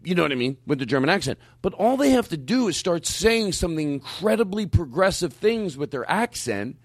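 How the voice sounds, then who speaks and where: A man's voice: on the high side, big pitch swings, fairly quick, dry recording, clean studio sound. A man hosting a comedy show, brash and cursing in loose, stop-start banter. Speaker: comedy podcast host.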